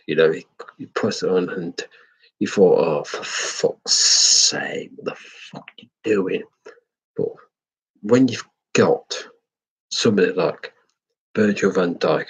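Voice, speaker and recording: English man, deep raspy voice, opinionated fan doing a casual match review. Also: poor audio. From England. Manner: rambling, opinionated, swears freely.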